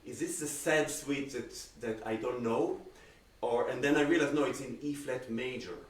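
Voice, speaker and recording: A man with an Israeli accent giving a cello masterclass critique, animated and full of everyday comparisons. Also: mid-range voice, normal speed. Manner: animated, uses everyday comparisons and acted-out examples. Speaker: cello teacher. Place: room on a video call. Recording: roomy sound, distant from the mic.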